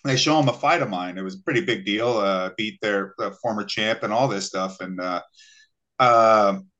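Bright-voiced male guest telling stories. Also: lowish voice, moderate pace, muffled recording. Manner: animated, acts out quoted voices, frequent fillers. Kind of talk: casual storytelling chat.

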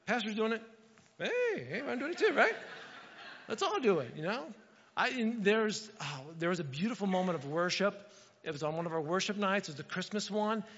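A male pastor preaching a sermon, animated and talking straight to his congregation, acting out little quotes. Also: high voice, a little fast, slight background noise. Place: church sanctuary. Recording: dull sound with long hall reverb.

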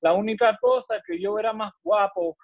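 Brief: fond, boastful old abuelo, a man reading him in a high voice, dull lo-fi line. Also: quick pace, no echo. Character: doting old grandfather scolding his grandson.

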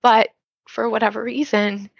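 A woman speaking as a guest on a podcast, earnest and heartfelt, with a gravelly fry in her voice. The sound is dry and a little dull, as if captured on a modest mic. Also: on the high side, little pitch movement, moderate pace, no room sound. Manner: earnest and heartfelt, with many fillers. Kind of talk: podcast interview conversation.

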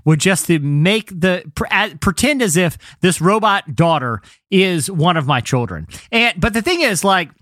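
A man on a casual comedy podcast, talking in a bright, high voice that leaps up and down. He rambles and restarts, then jumps into goofy put-on voices. The sound is close and dry, with no room around it. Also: normal speed, hardly any pauses, dry recording. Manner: animated, rambling, acts out silly voices. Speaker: show guest ranking TV shows.

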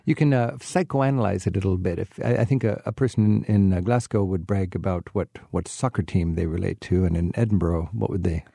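A man hosting a travel chat, curious and encouraging. His voice is low, warm and gravelly. It is recorded dry and close. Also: brisk, hardly any pauses, dry recording. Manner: curious, prompting questions, chuckles often. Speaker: host. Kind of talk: casual interview.

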